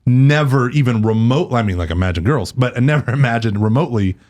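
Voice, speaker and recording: A man's voice: medium pitch, fairly quick. A man chatting as a podcast guest, telling stories animatedly and often slipping into other people's voices. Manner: animated storyteller, does voices and laughs often. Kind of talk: casual chat.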